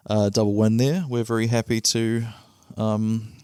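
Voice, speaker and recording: A man's voice: lowish voice, little pitch movement, measured pace, darkish tone, clean tone, dry recording, clean studio sound. A man with a New Zealand accent hosting his own podcast solo, talking casually and rambling a little with fillers. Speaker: podcast host.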